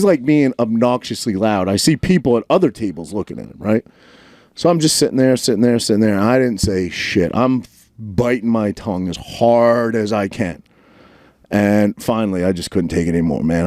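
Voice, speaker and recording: A New man in his forties, telling a long story on a podcast. His voice is low and mellow, and he acts out the lines he quotes. The sound is dry and close. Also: expressive, brisk, no echo. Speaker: podcast co-host. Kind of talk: casual storytelling chat.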